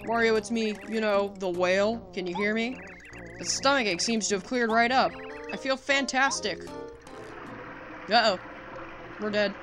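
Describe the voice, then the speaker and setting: A woman's voice: mid-range voice, normal speed, pauses often, over music, lightly acted. A woman voicing a whining giant whale that pleads for help. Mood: relieved. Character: whiny giant whale with a bellyache.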